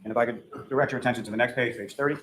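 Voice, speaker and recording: A man's voice: mid-range voice, steady tone, racing, fairly bright tone, slight background noise, low-quality recording. A man working as a trial attorney, questioning a witness in a courtroom in formal, repetitive phrasing. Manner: formal, repeats set phrases.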